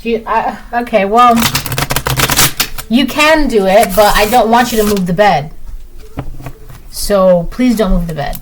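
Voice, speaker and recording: A woman's voice: mid-range voice, a little slow, long pauses, background noise. Chatty woman reading tarot. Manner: chatty, repetitive, tags lines with "right?". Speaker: tarot reader. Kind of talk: casual collective tarot reading.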